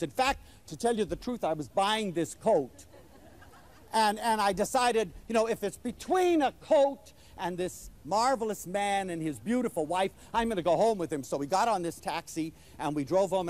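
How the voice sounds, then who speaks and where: A man's voice: sits high, expressive, fairly quick, darkish tone. A man giving an inspirational lecture to a live audience, telling stories with enthusiasm and animation.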